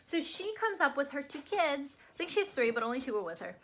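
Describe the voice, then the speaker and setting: A woman's voice: high-pitched, big pitch swings, quick pace, a bit bright. A woman vlogger telling a story in a chatty, rambling way, at home with her dogs nearby. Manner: chatty, rambling retelling with quoted dialogue. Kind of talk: casual storytelling vlog.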